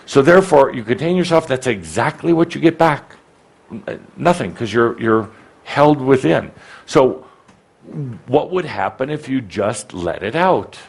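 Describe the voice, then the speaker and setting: A man's voice: mid-range voice, creaky. A man leading a spiritual workshop before a live audience on a handheld mic, teasing and provoking a participant, often restarting his sentences. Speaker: spiritual teacher working with an audience. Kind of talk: interactive workshop talk. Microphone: handheld microphone.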